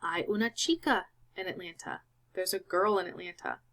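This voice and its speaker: A woman's voice: on the low side, normal speed, fairly bright tone. A woman teaching a Spanish lesson over a screen recording, patient and explaining each step.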